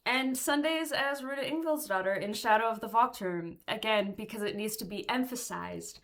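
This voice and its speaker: A woman's voice: a little high, moderate pace, few pauses, sharp tone. A woman producing a tabletop gaming stream, chatting in a bubbly way with laughter and the odd swear. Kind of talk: casual stream introduction.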